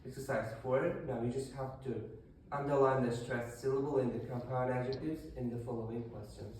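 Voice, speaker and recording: A man's voice: medium pitch, fairly even intonation, a little fast, a little mellow, slight background noise. A male English teacher leading a classroom lesson, explaining step by step with fillers and restarts. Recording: very echoey room, voice far from mic.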